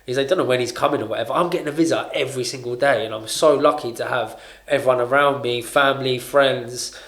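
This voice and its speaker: A young man tells a story in casual podcast chat at an average pitch. He leans on fillers and acts out what others said. The room around him has a noticeable echo. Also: fast talker, a bit bright. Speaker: podcast co-host. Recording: roomy echo.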